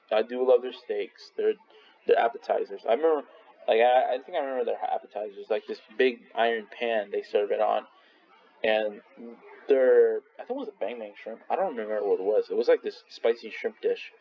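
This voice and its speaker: A young man casually ranking restaurants in a rambling, swearing vlog monologue full of restarts. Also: mid-range voice. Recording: slightly dull lo-fi recording with faint noise.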